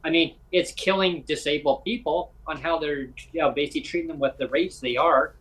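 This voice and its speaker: A man's voice: a little high, steady tone, fairly quick, fairly bright tone, poor audio. Rambling podcast host, a man. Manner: rambling anecdotal storytelling with many fillers. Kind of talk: casual podcast conversation.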